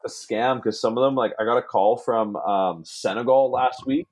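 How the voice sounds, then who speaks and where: A man's voice: mid-range voice, normal speed. A man, a brewer, joking and swearing in casual podcast chat. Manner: joking, profane, laughs often.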